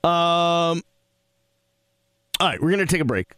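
Animated male sports radio host. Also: on the high side, a little slow, clean tone, dry recording. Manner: animated, laughing and rambling. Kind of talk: call-in radio banter.

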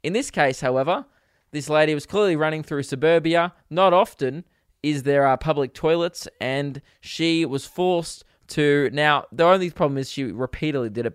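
Crude rambling Australian man, clear close voice. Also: a little high, no room sound. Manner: rambling, crude, jokey with sudden loud put-on voices. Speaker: podcast host. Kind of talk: comedic solo podcast rant.

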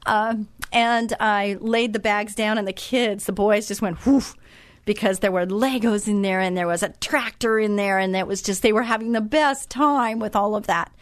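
A woman's voice: mid-range voice, fairly even intonation, moderate pace, few pauses, no echo. A middle-aged woman hosting a faith talk show, telling stories chattily and acting out the voices of the people she quotes. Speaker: radio show host. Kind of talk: casual faith talk monologue.

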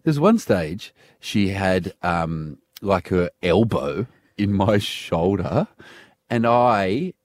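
A man co-hosting a radio show, bantering playfully, laughing often and telling stories with quick mimicked voices. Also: deep voice, expressive. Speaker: radio co-host.

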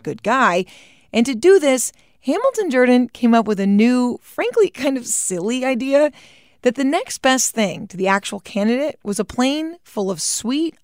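A woman's voice: a little high, no echo. A woman narrates a documentary story from a script. Her delivery is conversational with dry asides. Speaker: podcast host and narrator.

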